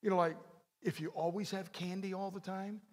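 A man preaching a sermon, animated, acting out prayers and swinging between loud and soft delivery. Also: high-pitched, moderate pace. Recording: long hall reverb.

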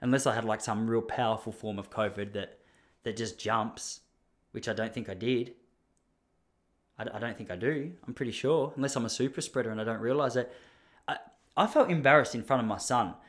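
A man's voice: medium pitch, a little fast. An Australian man in his thirties, telling a casual story in a rambling, self-deprecating way with many asides. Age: 30s.

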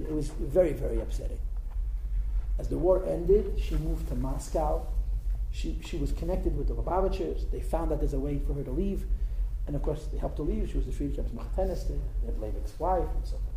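A man's voice: on the high side, dark tone, slight background noise. A man telling a story in an informal religious talk, conversational and emphatic, with asides to his listeners. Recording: roomy echo with faint background.

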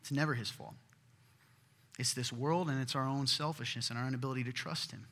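A man preaching a sermon as pastor, earnest and emphatic, sometimes dropping to a hush. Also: medium pitch, steady tone, fairly quick. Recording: hall reverb.

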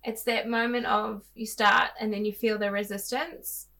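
A woman speaking openly and casually in a heartfelt conversation, often acting out her own inner voice with sudden louder bursts. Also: on the high side, little pitch movement, moderate pace, gravelly.

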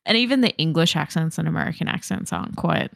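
A woman with a low, gravelly voice co-hosts a gaming podcast. She chats casually and drifts into long tangents. The sound is close and dry. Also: animated, fast, no echo. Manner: laughs often, rambling and tangential. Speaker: podcast co-host. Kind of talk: casual chat.

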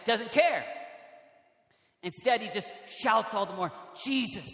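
A young man preaching an energetic youth sermon, emphatic and often raising his voice to a shout. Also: high-pitched, takes it slowly. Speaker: youth pastor. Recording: echoey large hall.

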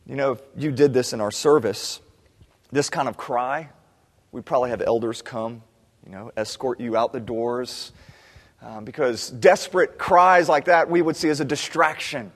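A man preaching a sermon as pastor, animated, acting out cries of the people he describes. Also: mid-range voice, moderate pace, long reverb tail.

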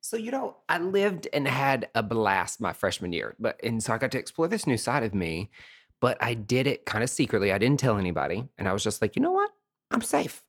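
Brief: man, podcast host, campy swearing storyteller, mid-pitched voice. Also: sing-song, brisk, fairly bright tone. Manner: campy, chatty, profane, calls listeners sweetie. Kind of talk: casual storytelling monologue.

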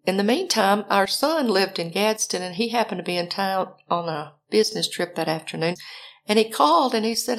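A woman's voice: mid-range voice, expressive, moderate pace. An older woman from Alabama, telling a personal story and animatedly acting out her own panicked phone calls.

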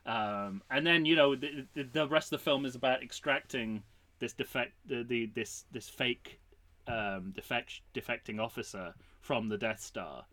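A man co-hosting a casual podcast, telling a story pitch with animated energy and acting out the lines. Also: normal speed. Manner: animated storyteller, acts out quotes. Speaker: podcast co-host.

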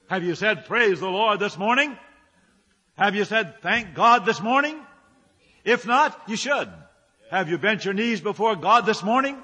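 A man's voice: high-pitched, big pitch swings, measured pace, pushed and bright, slightly rough, big-room sound. A male pastor preaching a sermon, firing rhetorical questions and building his phrases up with emphasis.

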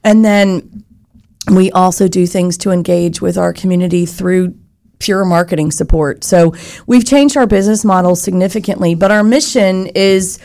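A woman who leads a chamber of commerce speaks earnestly and articulately in an interview, explaining her points through examples. Her voice is warm and on the low side, at a normal speed.

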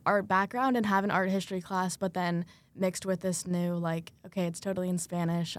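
A young woman talks casually on a student panel, thinking aloud with "um" and "like." Her voice sits at an ordinary pitch and sounds dry and close to the mic. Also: no room sound. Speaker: student in a Spanish art history class.

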